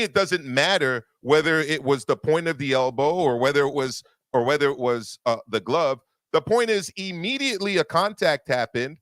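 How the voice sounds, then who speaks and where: A man's voice: a little high, fairly bright tone, no echo, clean studio sound. A man on a boxing debate panel making his case emphatically. He repeats himself as he presses each point.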